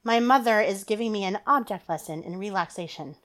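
A woman's voice: medium pitch, a little fast, fairly bright tone, lightly acted. A sulky teen girl, as a woman narrator voices her. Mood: curious. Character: teenage girl, restless and quick-tongued.

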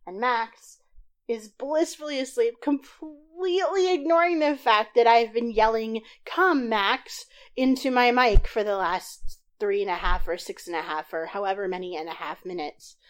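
A woman, a podcast host, reads her own short story aloud from bed while getting over a sinus infection, with a lively, expressive reading that turns louder for the dialogue. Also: a little high, normal speed, clean tone. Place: in bed at home. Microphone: tablet recording app.

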